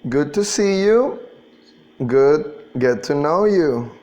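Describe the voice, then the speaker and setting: A man's voice: on the high side, animated, slow, mellow, highs cut off. A man teaching an English class, patiently drilling pronunciation and spelling words out letter by letter. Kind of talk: classroom lesson.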